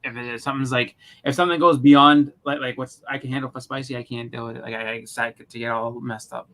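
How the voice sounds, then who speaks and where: A man's voice: mid-range voice, steady tone, fast, bright, forceful tone. A middle-aged man telling rambling stories in casual chat, often repeating words and acting out what people said. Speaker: podcast co-host.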